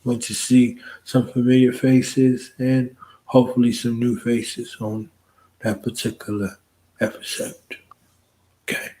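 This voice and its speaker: A man hosting a relaxed late-night livestream, talking casually and joking with a co-host. His voice sits at an everyday middle pitch, and his manner is loose and playful. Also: unhurried, low-quality recording. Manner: playful, joking, laid-back.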